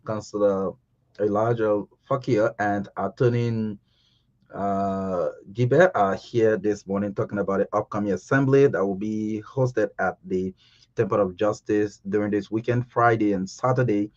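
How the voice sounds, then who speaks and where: Low-voiced radio host, dull sound. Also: male voice, steady tone, moderate pace, a little mellow. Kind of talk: radio breakfast show hosting. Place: radio studio.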